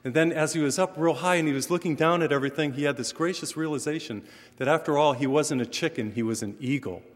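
A middle-aged man from western Massachusetts, a priest preaching a sermon with animated emphasis and light humor. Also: on the high side, quick pace. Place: church. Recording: long reverb from a large hall.

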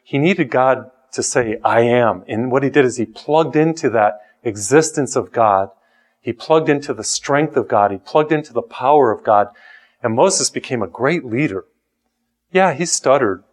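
Male preacher, mid-pitched, earnest and animated sermon delivery. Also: normal speed. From Italian heritage. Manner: lively, earnest, lifts voice on key lines, chuckles.

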